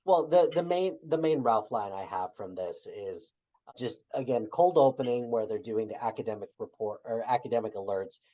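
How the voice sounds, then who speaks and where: A man co-hosting a podcast in casual chat, retelling scenes and trailing off softly at the ends of his thoughts. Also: medium pitch, animated, normal speed, dull audio. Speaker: podcast co-host.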